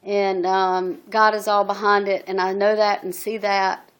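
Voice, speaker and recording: A middle-aged woman speaks into her phone in a personal video testimony. Her pitch stays flat and narrow. She talks earnestly and haltingly, stopping often on "um" and restarting her sentences. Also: clean tone. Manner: halting, many ums and restarts; earnest and emotional. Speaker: single mother telling her story.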